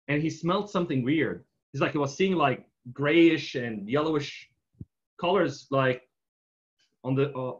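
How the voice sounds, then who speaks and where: A man's voice: medium pitch, fairly bright tone. A man coaching, telling a loose example story and tagging most sentences with "right?". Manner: loose storytelling, constant "right?" tags and fillers. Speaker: real estate marketing coach. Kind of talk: casual teaching in a Q&A. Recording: dull lo-fi recording.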